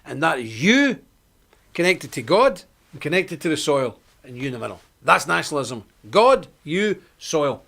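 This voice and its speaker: Man, fairly high voice, very animated pitch, preachy, combative, emphatic. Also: normal speed, creaky. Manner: emphatic, combative, repeats points for stress. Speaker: host of a live online report. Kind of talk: preachy monologue.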